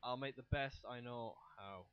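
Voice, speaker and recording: Guy doing a fretful elderly mom, hushed and fragile, muffled recording. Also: mid-range voice, normal speed, clean tone, voice pushed down, lightly acted. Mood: fond. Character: frail confused elderly mother, clinging and fretful.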